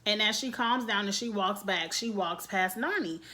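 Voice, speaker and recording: A woman hosting a casual reality TV recap vlog, talking in an animated, gossipy way and laughing often. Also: mid-range voice, moderate pace.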